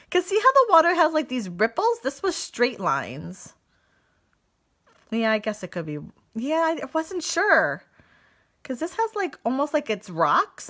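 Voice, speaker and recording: A woman's voice: a little high, a bit bright. Chatty, giggly woman crafting live. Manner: chatty, giggly, reads and answers live comments. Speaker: card-making demonstrator.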